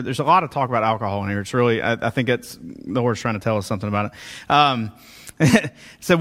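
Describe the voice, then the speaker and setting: A male pastor preaching a conversational sermon, retelling scripture with lively asides. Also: medium pitch, fairly quick.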